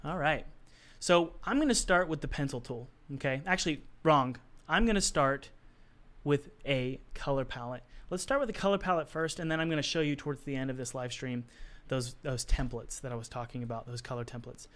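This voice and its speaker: Hoarse man teaching on a live stream. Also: medium pitch, brisk, fairly bright tone. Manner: chatty and encouraging, talks to the chat while working. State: hoarse, losing his voice. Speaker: art instructor hosting a live stream. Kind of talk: casual live-stream tutorial.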